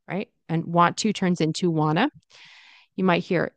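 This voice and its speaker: A woman teaching English pronunciation, repeating example phrases slowly and then at natural speed. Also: lowish voice, steady tone, no echo, dull audio.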